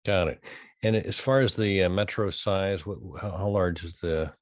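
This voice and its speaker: A man hosting an interview podcast, asking questions in a halting way with many fillers. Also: low-pitched, dry recording. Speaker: podcast host.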